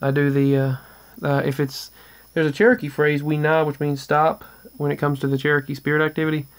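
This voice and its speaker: Flat-voiced man recounting ghost encounters. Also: on the high side, fairly quick. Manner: rambling, with restarts and trailing asides. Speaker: vlogger. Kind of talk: casual paranormal storytelling.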